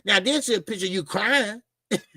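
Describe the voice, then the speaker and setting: A man hosting a boxing talk show, ranting in loud, emphatic, mocking casual commentary with plenty of swearing. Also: sits high, brisk, no echo.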